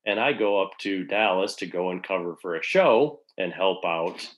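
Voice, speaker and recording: Man, low voice, casual storyteller, profane, acts out quotes. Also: moderate pace, muffled recording. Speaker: guest telling a work story.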